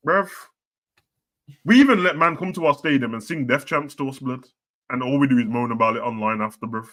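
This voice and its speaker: A man talking football with a friend in slangy chat, jumping between loud outbursts and muttered asides. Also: mid-range voice, moderate pace, pauses often. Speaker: football podcast host.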